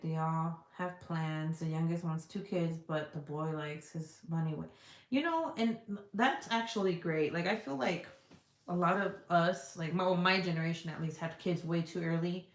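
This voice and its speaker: A woman's voice: lowish voice, normal speed. A middle-aged woman chatting casually as she reads viewer comments aloud, swearing freely and filling her talk with "like". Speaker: vlogger reading viewer comments. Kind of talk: casual chat. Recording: echoey room.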